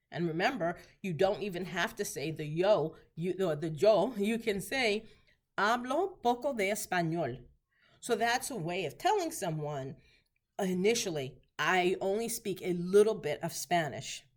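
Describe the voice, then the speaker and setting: A woman teaching basic Spanish phrases, repeating each one slowly for learners to practice. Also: on the low side, expressive. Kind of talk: slow instructional lesson.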